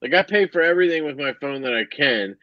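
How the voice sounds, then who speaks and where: A man's voice: on the high side, animated, quick pace, dull audio, crowd noise. A man chatting loosely on a podcast, joking and swearing as he talks. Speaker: podcast co-host. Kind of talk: casual podcast chat.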